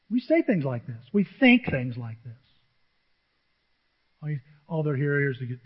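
High-voiced preacher in an echoey church. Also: male voice, sing-song, measured pace, pauses often, husky. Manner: emphatic, rhetorical questions to the congregation. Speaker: pastor. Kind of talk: sermon. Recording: dull echoey church recording.

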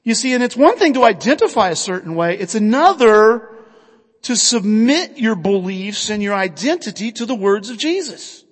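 A man's voice: sits high, big pitch swings, normal speed, long reverb tail. A man preaching a sermon in an earnest, conversational way, asking his listeners questions and retelling scripture. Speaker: pastor.

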